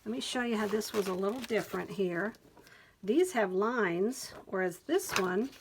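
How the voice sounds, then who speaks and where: Her mid-range voice is animated and at normal speed, with slight background noise, as she vlogs a page-by-page look at a new planner. She chats enthusiastically and reads the quotes aloud.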